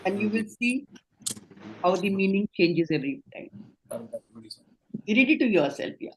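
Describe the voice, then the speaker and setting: A woman's voice: medium pitch, animated, a little slow, a little hiss or hum. A middle-aged woman with an Indian accent, leading an online training session, explaining and affirming answers. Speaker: communication trainer.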